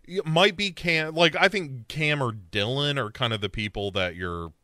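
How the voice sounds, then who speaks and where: A man's voice: medium pitch, normal speed, pushed and bright, no room sound, studio quality. A man co-hosting a podcast, casually recapping a show and acting out quotes in a rambling, playful way. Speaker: podcast co-host.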